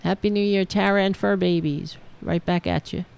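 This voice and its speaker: A woman hosting a live-streamed show, chatting in a rambling, halting way, laughing and thanking viewers. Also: mid-range voice, steady tone, vocal fry, darkish tone, clear, resonant tone. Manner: rambling, halting, laughs often, talks to her cats. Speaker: podcast host reading viewer comments. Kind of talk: casual live-stream chat.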